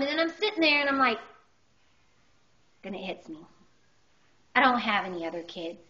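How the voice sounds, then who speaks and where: A woman in her thirties performs stand-up comedy with a high, bright voice. She tells her story in an animated, exaggerated way. The recording is dull and lo-fi. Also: a little fast, pauses often.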